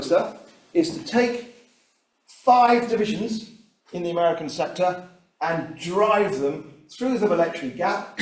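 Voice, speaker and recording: A man giving a history lecture, acting out generals' conversations as a lively storyteller. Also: on the high side. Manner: animated storyteller voicing generals in dialogue. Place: lecture room. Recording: echoey room, Zoom recording.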